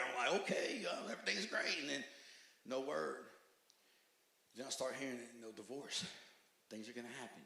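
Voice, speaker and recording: Forceful man testifying in an echoey hall. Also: creaky. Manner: emphatic storytelling, swings between loud outbursts and hushed low stretches. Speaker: testimony speaker at a recovery meeting. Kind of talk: personal testimony to a church group. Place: church meeting hall.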